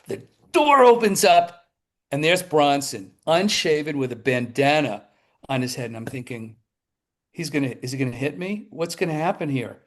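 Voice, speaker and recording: A man in his seventies, a talk show guest telling lively anecdotes, acting out the people in his stories as he goes, with some quick bursts and restarts. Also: medium pitch. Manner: animated storyteller who acts out the people in his tales. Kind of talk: anecdotal storytelling.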